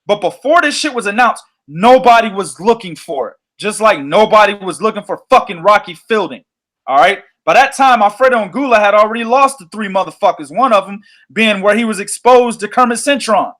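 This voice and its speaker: A man hosting a boxing podcast, telling stories in an animated, profane way. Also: high voice, fairly quick. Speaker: podcast host. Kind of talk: casual boxing podcast chat.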